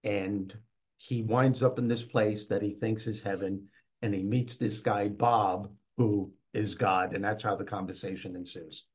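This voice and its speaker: A man's voice: on the low side, a little slow, dull audio. Man telling a story in an interview. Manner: lively, acts out scenes. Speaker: author and motivational speaker guest.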